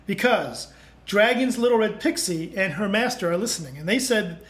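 A man's voice: sits high, expressive, normal speed, a bit bright. A man co-hosting a podcast, joking loosely and reading sponsor plugs in a casual chat. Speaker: podcast co-host.

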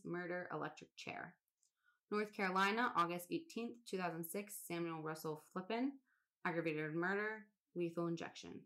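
A woman co-hosting a laid-back podcast with a slightly low voice. She reads a long list aloud in a casual way, swearing now and then and laughing at odd names. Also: a bit bright. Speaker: podcast co-host.

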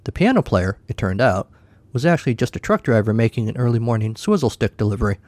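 A man's voice: mid-range voice, lively intonation, quick pace, darkish tone, no room sound. A man narrating a comic short story in a wry, dry way.

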